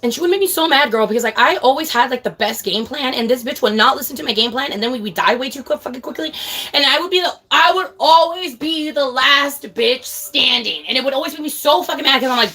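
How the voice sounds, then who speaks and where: Young woman, twenties, casual stream chat, blunt and profane, says girl a lot, high-ish tense voice. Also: fast, pushed and bright. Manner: blunt and heavily profane, calls listeners girl; emphatic, ranting. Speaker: livestreamer.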